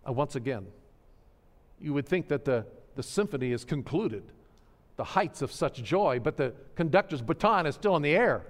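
A man preaching a sermon, swinging between hushed, sorrowful passages and soaring, fervent proclamation. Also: fairly high pitch, animated, normal speed, big-room sound. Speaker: pastor.

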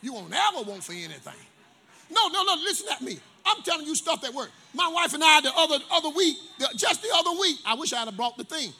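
A man's voice: extremely high pitch, fast, hardly any pauses. A male pastor preaching a sermon, telling stories and calling on the congregation to respond. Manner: animated preacher, storytelling with call-and-response.

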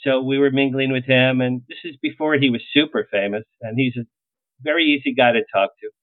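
A middle-aged man, a publicist, telling lively anecdotes in an interview and acting out the lines he quotes. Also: medium pitch, brisk, dry recording. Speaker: publicist guest. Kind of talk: storytelling interview. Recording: tinny phone-like line, dry.

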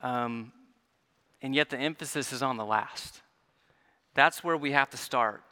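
A male pastor preaching a sermon in an earnest way, often repeating words as he restarts, dropping soft and rising again. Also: medium pitch, unhurried, smooth. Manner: earnest, stumbling repetitions, drops soft then rises.

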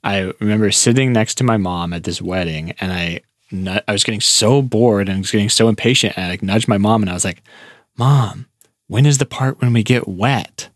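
A man's voice: fairly low pitch, normal speed, no room sound, clean studio sound. A young man, the show's producer, chatting casually and telling an anecdote with lots of fillers. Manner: relaxed, filler-heavy. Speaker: podcast producer. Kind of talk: casual chat.

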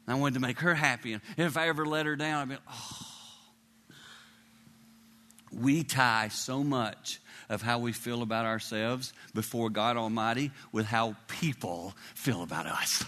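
Sixty-something preacher in an echoing hall. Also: male voice, moderate pace, hardly any pauses. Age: 60s. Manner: emotional, swings from hushed whispers to high cries. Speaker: traveling preacher. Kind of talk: sermon. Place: large hall with a live congregation.

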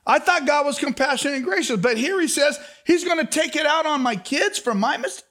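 A man preaching a sermon to a congregation, moving from soft asides to shouted emphasis and calling out questions to the room. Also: very high voice, expressive, a little fast, hardly any pauses. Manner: talks back and forth with the congregation. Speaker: pastor.

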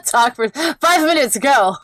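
A woman's voice: sits high, fairly bright tone. A woman co-hosting a podcast, chatting playfully and teasing her partner. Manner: playful, quick to tease. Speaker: podcast co-host. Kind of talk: casual comedic chat.

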